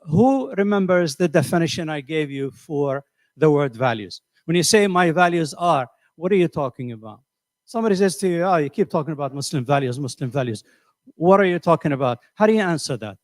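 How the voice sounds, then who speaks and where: Middle-aged guy teaching a class, kinda high voice, dry close sound, keeps quizzing the room. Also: expressive, fairly quick, dry recording. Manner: questioning, repeats words while thinking. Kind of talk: classroom lecture.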